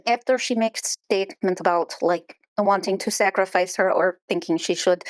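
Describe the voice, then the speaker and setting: A woman player narrates her character's moves in a tabletop game, chatty and full of fillers. Her pitch sits in the middle for a woman. The sound is close and dry. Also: smooth, dry recording, poor audio.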